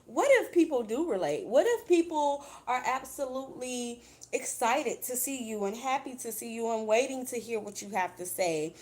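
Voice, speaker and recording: Woman, tarot reader, casual and blunt, swears a lot, somewhat high voice. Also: animated, normal speed, a little mellow. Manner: chatty, swearing, calls viewers "baby".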